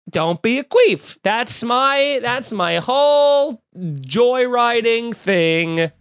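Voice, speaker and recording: A man's voice: extremely high pitch, animated, takes it slowly, a bit bright, clear, resonant tone, no room sound, studio quality. A young man hosting a podcast, delivering a profane, exasperated comedic rant full of fillers and asides. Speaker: podcast host.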